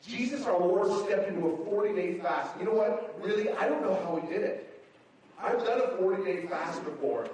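A man's voice: sits high, a little mellow, slight background noise. A man preaching a sermon as pastor, telling stories and acting out his own reactions with energy. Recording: very echoey hall, mic far off.

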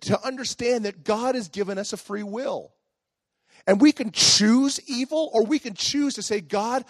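High-voiced male pastor preaching. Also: no echo. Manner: conversational preaching with rhetorical questions. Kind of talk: sermon.

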